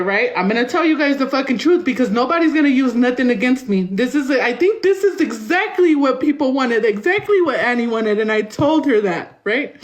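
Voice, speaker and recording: A woman's voice: fairly high pitch, rough recording. A woman telling her own hard story as an interview guest, emotional and rambling, swearing often. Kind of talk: raw personal storytelling.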